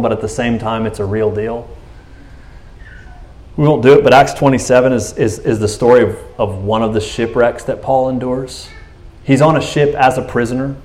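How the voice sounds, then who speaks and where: A man preaches in a relaxed, conversational way, with slang and filler words throughout. His voice sits at a medium pitch for a man. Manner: casual and chatty, slangy asides, lots of fillers. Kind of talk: casual sermon.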